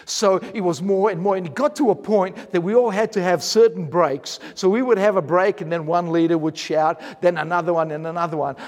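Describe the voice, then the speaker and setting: A middle-aged man preaching a sermon, telling a story earnestly, with restarts and shifts between loud and quiet. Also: high-pitched, in a large hall. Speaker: pastor.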